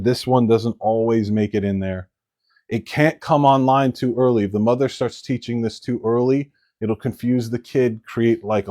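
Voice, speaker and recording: A man's voice: medium pitch, a little mellow. A man preaching a sermon as a pastor, in a blunt, conversational way with coarse words.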